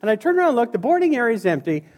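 A man doing storytelling stand-up comedy, animated and acting out the people in his stories. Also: extremely high pitch, very fast. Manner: animated, acts out voices and scenes. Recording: reverberant hall.

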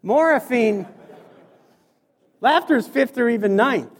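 A man's voice: extremely high pitch, lively intonation, slow pace, slightly rough. A middle-aged man from Montana giving a humorous motivational talk to a live audience, joking and acting out his stories. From Montana, USA. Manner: joking, acts out stories with sound effects. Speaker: motivational speaker. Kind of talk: humorous keynote speech. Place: stage before a live audience.

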